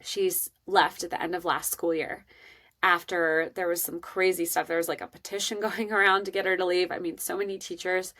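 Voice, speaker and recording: A woman hosting a podcast, telling a personal parenting story in an earnest, emotional and expressive way. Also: lowish voice, normal speed. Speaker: podcast host.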